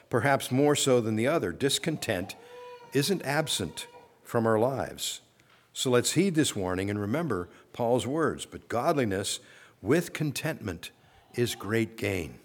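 A man preaching a sermon to his congregation, conversational with frequent fillers and restarts, slowing down to read scripture and lifting his voice on strong declarations. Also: lowish voice. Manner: rising with emphasis on declarations. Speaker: pastor.

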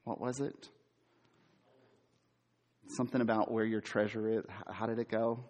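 A middle-aged man preaching a sermon, quizzing his listeners and repeating key words for emphasis, sometimes loud and sometimes hushed. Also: fairly low pitch, level tone, moderate pace, slight background noise. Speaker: preacher, former campus minister.

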